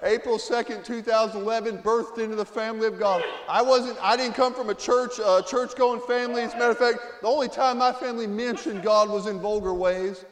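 High-voiced preacher in an echoing church. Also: male voice, fairly even intonation, fairly quick, few pauses. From Florida, USA. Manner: emotional, swings from hushed to loud exclaiming. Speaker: guest preacher. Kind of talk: testimony sermon. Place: church sanctuary. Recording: echoey church hall, long reverb.

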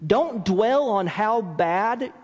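Animated preacher in a reverberant hall. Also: male voice, high voice, extremely slow, husky. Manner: animated preaching, acts out quoted apologies. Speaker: pastor. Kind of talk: sermon. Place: church sanctuary.

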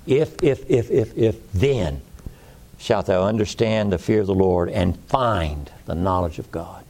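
A man's voice: deep voice, a little slow, mellow. A man preaching a sermon in a folksy way, repeating phrases for emphasis.

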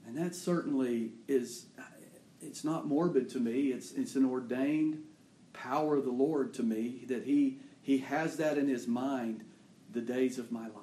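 A man preaching a sermon as pastor, swinging between loud, emphatic bursts and quieter, folksy plain talk. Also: medium pitch, unhurried, roomy sound, a little hiss or hum.

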